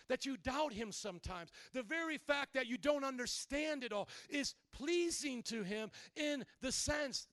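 A young man preaching a dramatic sermon who swings from hushed tones to loud outbursts and acts out biblical figures in a chatty voice. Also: extremely high pitch, no echo. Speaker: pastor.

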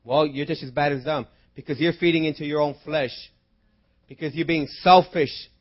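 A man preaching a sermon, moving from quiet teaching into loud, impassioned prayer and exhortation. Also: fairly high pitch, steady tone, normal speed, lo-fi sound. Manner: breaks into spoken prayer.

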